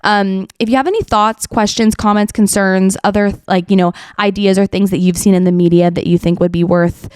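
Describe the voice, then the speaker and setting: A woman's voice: medium pitch, fairly even intonation, brisk, hardly any pauses, darkish tone, clear, resonant tone, dry recording. Twenties woman, solo podcast host, casual and filler-heavy, wry asides, dry close sound.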